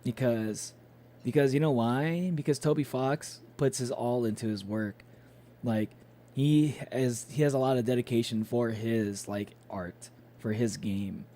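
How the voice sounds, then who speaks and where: A man's voice: medium pitch, a little slow, dark tone. A young man chatting casually with his live-stream chat, loose and swearing, with plenty of fillers.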